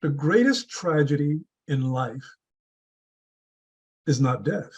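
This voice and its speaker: A man giving a deliberate motivational speech to a club audience, building his points with repeated rhetorical questions. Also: a little high, lively intonation, husky, muffled recording. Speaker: club speaker.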